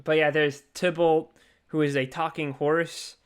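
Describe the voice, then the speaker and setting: A man's voice: on the high side, level tone, a little slow, clear, resonant tone. A man co-hosting a podcast, chatting casually about a movie and joking around, acting out characters in silly voices. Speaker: podcast co-host. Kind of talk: casual movie review chat.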